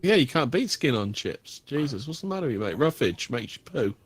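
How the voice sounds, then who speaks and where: A man co-hosting casual livestream banter, crude, teasing and quick to laugh. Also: medium pitch, very animated, breathy edge. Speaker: co-host.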